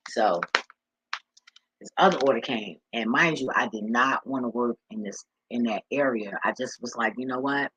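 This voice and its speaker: A man's voice: medium pitch, moderate pace, pushed and bright, husky, no room sound, low-quality recording. A man talking casually in a vlog, rambling and profane as he tells stories and laughs along the way. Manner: loose, profane, laughing storyteller. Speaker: vlogger and delivery driver.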